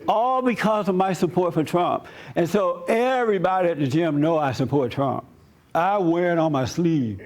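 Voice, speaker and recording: Male storyteller, fairly high voice, animated, acts out the people he quotes at a church gathering. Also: normal speed. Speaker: pastor and host.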